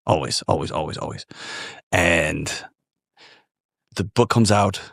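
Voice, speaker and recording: Earnest low-voiced man telling a story. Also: measured pace, vocal fry, dry recording, studio quality. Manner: earnest, animated storytelling with shouted quotes. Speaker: podcast guest. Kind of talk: storytelling conversation.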